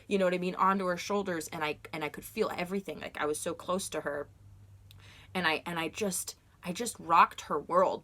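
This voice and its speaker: A woman telling a long story from her dream journal in a casual, rambling way, full of "like" and "you know," and getting animated as she goes. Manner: animated, gets loud and high when retelling confrontations.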